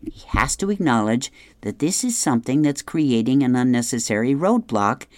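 A reader going through an advice column and the comics aloud, chuckling often in an unhurried way. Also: mid-range voice, lively intonation, no echo.

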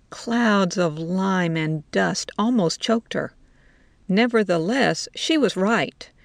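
Woman narrator, measured storybook reading, gravelly low voice, dry sound. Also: dry recording. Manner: slow, measured.

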